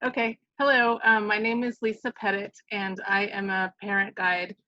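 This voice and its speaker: A woman's voice: mid-range voice, level tone, moderate pace, bright, forceful tone, no echo. A woman parent guide introducing herself on a video call, hesitant with many fillers. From Arizona, USA. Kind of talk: online meeting introduction. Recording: dull dry lo-fi audio.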